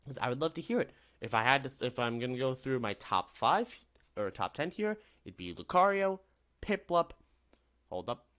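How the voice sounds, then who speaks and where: A man's voice: medium pitch, a bit bright. A young man giving casual, rambling commentary as a gaming video host, upbeat and often correcting himself. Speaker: gaming YouTuber. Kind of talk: casual tier-list commentary.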